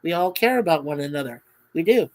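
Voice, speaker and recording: A woman hosting a casual livestream, speaking earnestly and warmly to her viewers and reading out their comments. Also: low-pitched, lively intonation, a little fast. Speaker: livestream host.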